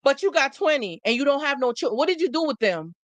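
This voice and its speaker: A woman hosts a live stream and lectures her viewers in an emphatic, preachy way, repeating her points for effect. Her voice sits fairly high. The sound is dry and close, with no room around it. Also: very animated, fast, no echo. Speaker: livestream host. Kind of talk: motivational live talk to viewers.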